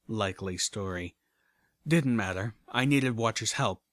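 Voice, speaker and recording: Male audiobook reader, mid-pitched, steady narration, dry close mic. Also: normal speed, no echo. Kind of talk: first-person audiobook narration.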